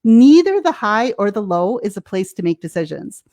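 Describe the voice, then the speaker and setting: An American woman, a life coach appearing as a guest, explains things casually, laughing often and acting out her own reactions. Her medium-pitched voice is sing-song with a darkish tone, at a moderate pace.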